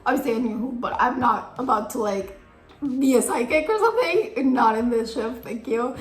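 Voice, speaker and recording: A young woman chats through a story in a high, giggly voice, dropping lots of fillers as she goes. The room rings with a noticeable echo, and soft music plays faintly underneath. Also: animated, moderate pace. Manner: giggly, chatty, many fillers. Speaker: vlogger. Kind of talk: casual storytelling.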